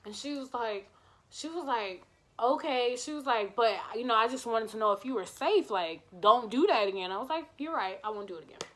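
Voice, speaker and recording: A woman vlogger telling a personal story in a casual, animated way, acting out the dialogue and swearing freely. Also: a little high, a little fast.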